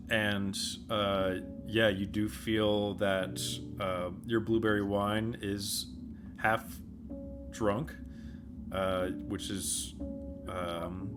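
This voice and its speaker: A man's voice: lowish voice, fairly even intonation, takes it slowly, music in the background. A man running a tabletop game as game master, laid-back and full of ums and small laughs.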